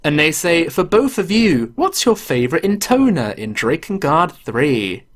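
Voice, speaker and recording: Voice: mid-range voice, big pitch swings, measured pace. A podcast host, telling a story in casual chat and swearing freely.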